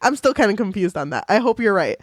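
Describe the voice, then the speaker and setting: A young woman co-hosting a casual book podcast, excitable and swearing casually as she retells scenes. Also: mid-range voice, quick pace, dry recording, clean studio sound. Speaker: podcast co-host.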